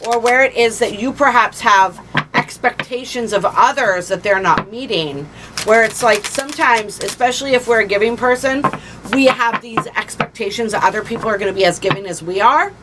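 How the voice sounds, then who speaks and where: A woman's voice: on the high side, noisy background. Chatty woman giving a spiritual reading. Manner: gentle, chatty, laughs easily, slows to stress points. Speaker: spiritual reader and channel host. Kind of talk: casual spiritual reading monologue.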